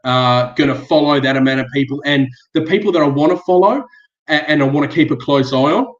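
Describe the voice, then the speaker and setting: A man's voice: a little high, a little fast. An Australian man guesting on a casual live-stream chat, earnest and blunt with plenty of swearing. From Western Australia. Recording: echoey dull video call.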